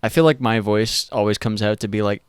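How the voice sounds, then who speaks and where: A young male podcast host who rambles through his thoughts, full of fillers and casual swearing. His voice sits on the low side and comes through very clear and polished. The recording is dry and close. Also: a little fast, no room sound.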